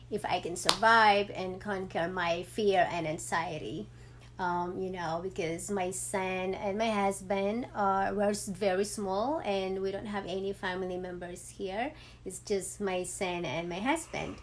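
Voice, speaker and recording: A woman in her thirties talking heartfelt and emotional in a personal vlog, with many ums and pauses. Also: medium pitch, a little hiss or hum. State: emotional, near tears. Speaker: vlogger.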